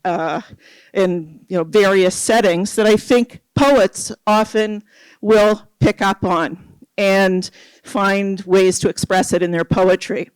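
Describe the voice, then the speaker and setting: A poet from Nova Scotia, Canada, reading an original poem at an open mic, slow and measured, with pauses. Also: medium pitch, smooth, dry recording, low-quality recording. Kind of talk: poetry reading with spoken preamble.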